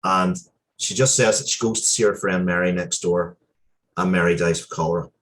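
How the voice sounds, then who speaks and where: Male interview guest, low voice, sincere and emotional storyteller with a halting delivery. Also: fairly even intonation, fairly bright tone, slight background noise. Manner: earnest, heartfelt, with frequent hesitations and restarts. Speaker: interview guest, comic book writer.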